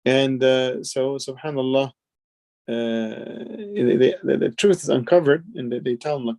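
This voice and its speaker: A man's voice: medium pitch, dark tone. A man teaching as a sheikh, explaining scripture in a loose, conversational way full of "you know" and "like". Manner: retells scenes with quick quoted dialogue. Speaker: sheikh teaching Quran commentary. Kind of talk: casual explanatory lesson.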